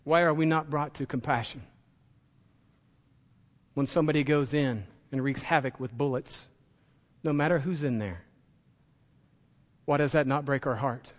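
A man's voice: mid-range voice, normal speed, pauses often. Impassioned male preacher in a reverberant hall. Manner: impassioned preaching, rising to emphatic peaks. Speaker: pastor. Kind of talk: sermon.

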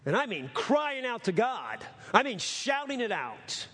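A man preaching a sermon, building from steady teaching to impassioned calls, repeating phrases for emphasis. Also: very high-pitched, unhurried, slightly rough. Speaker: pastor.

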